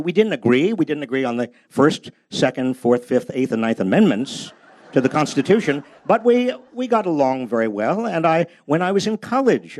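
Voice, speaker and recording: Older man, author lecture, humorous storytelling, animated pitch, slightly high voice. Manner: storytelling, self-deprecating, acts out dialogue. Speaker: author giving a book talk. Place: public library event space.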